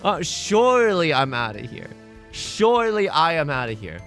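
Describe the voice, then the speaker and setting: A young man giving casual, self-mocking commentary over a mahjong game, jokey and animated. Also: on the high side, moderate pace, faint music behind. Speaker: mahjong streamer. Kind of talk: casual let's-play commentary.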